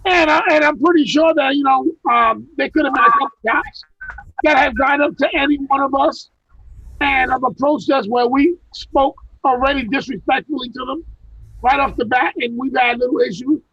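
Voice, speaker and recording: High, gravelly man telling rough stories. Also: moderate pace, fairly bright tone, dry recording, muffled recording. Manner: profane, rambling storytelling with many restarts. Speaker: guest recounting personal stories. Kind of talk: casual chat on a video call. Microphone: video call mic.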